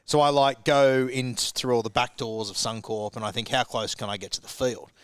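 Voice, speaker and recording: A man's voice: mid-range voice, fairly even intonation, fairly quick, fairly bright tone, smooth, no echo. An Australian man, a guest pundit, telling a long laughing anecdote in casual chat on a live sports show, acting out the people in his story. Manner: rambling, laughing anecdote with acted quotes. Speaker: guest rugby league pundit.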